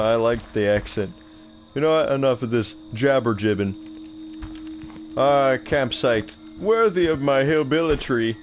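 A young man giving casual, joking gameplay commentary, laughing often. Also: mid-range voice. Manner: giggly, rambling and joking. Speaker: gaming commentator.

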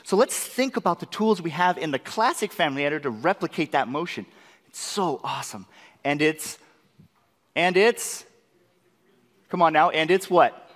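A man presenting a live software demo class at a conference, excitable and eager, constantly tossing rhetorical questions at the audience. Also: a little high, normal speed, pauses often. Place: large conference session room. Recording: long reverb of a conference hall.

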